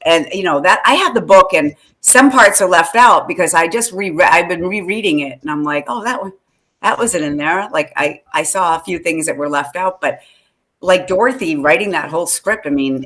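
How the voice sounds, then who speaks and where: A woman co-hosting a casual fan podcast, chatty and quick to laugh, with many fillers. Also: lowish voice, a bit bright. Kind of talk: casual chat.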